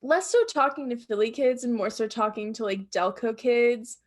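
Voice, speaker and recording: A woman's voice: on the high side, moderate pace. A young woman co-hosting a casual podcast, making dry joking asides. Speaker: podcast co-host. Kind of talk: casual chat.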